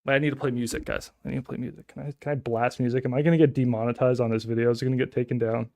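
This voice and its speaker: Excitable man. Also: mid-range voice, rapid-fire, vocal fry, no echo. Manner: excitable, chatty, talks straight to viewers. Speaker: wholesaler hosting a live stream. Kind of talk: casual live-stream chat and phone call. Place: home office.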